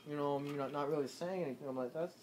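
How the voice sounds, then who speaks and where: A man telling a rambling, made-up absurd story, hesitant and full of ums and "you know", mostly low-key and quiet, filmed at home on a handheld camera. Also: steady tone, very fast. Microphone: handheld camera held by a friend. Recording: noisy home video with clattering dishes.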